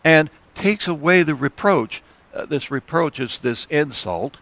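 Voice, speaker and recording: A man leads a Bible lesson, reading a passage and then restating it in everyday language. His voice sits a little high. The recording is dry and close. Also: lively intonation, a little slow, fairly bright tone, no room sound. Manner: explanatory, conversational, restates verses in plain words. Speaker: Bible study teacher.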